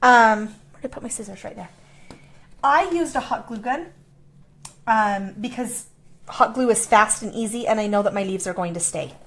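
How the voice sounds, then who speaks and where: A woman's voice: fairly high pitch, moderate pace, pauses often, a bit bright. Chatty woman demonstrating a craft. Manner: chatty, playful, explains step by step. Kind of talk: casual craft tutorial.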